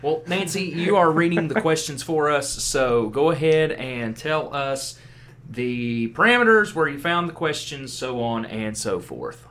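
A man's voice: on the high side, lively intonation, unhurried, a bit bright. A man co-hosting a podcast, chatting casually and teasing his co-host with jokes. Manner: joking, teasing, rambling with restarts. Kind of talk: casual chat.

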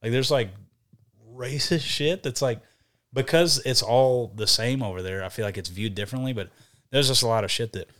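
A young man and podcast guest telling profane, animated stories in casual chat. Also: medium pitch, normal speed. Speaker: podcast guest, band vocalist.

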